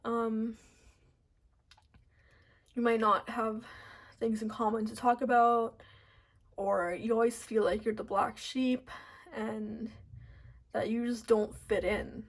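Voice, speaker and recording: A woman giving a casual pick-a-card tarot reading, soft and rambling with many fillers, teary and choked up. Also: a little high, little pitch movement, takes it slowly, pauses often. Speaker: tarot reader.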